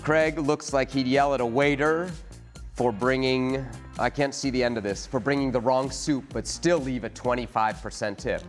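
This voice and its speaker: A man's voice: medium pitch, fairly even intonation, moderate pace, faint music behind. A man hosting a studio football panel, teasing his co-hosts in playful banter. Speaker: host.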